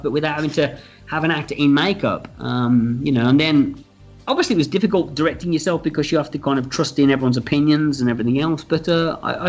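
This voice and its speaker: A man telling stories as a guest in a casual interview, lively and animated. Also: fairly high pitch. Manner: animated, acts out quoted voices. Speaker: film director interviewed as guest. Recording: dull lo-fi sound with faint music.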